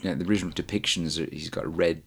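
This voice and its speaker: A man on a casual podcast, making quiet, brief, matter-of-fact asides. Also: low voice, steady tone, very fast, husky. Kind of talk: casual chat.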